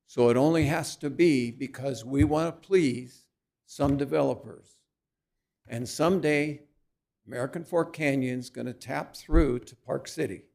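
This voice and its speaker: Gravelly older resident, slow and deliberate, speaking bluntly against a council decision. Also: male voice, mid-range voice, darkish tone. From Virginia. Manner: blunt, indignant. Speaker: resident speaking at public comment. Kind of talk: public comment at a council meeting.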